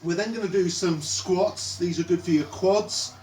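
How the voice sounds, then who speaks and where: A man's voice: high-pitched, moderate pace, darkish tone, soft background music. A man leading a home stretching tutorial in a playful way, naming each exercise after a football player. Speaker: exercise instructor. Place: indoors at home. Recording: echoey room, mic at a distance.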